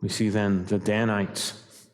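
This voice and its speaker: A man's voice: on the low side, level tone, slow pace, long reverb tail. A man preaching a sermon as pastor, emphatic and fond of asking his congregation rhetorical questions, recorded in a church. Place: church sanctuary.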